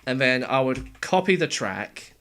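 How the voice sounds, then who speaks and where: A young man casually explaining how he made game voices, talking in a relaxed, halting way. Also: mid-range voice. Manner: halting, relaxed, with fillers and restarts. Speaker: game voice actor and sound editor. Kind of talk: casual developer commentary.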